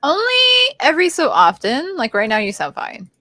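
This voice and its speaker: A woman's voice: high-pitched, wildly swooping pitch, moderate pace, bright, forceful tone, dry recording, clean studio sound. A woman co-hosting a casual livestream chat, answering with short reactions. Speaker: livestream co-host.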